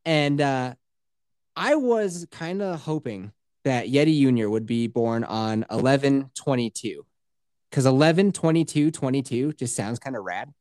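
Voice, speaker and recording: A man's voice: mid-range voice, animated, measured pace, darkish tone, no echo, clean studio sound. A man telling a story in casual chat, swearing freely and acting out the quotes.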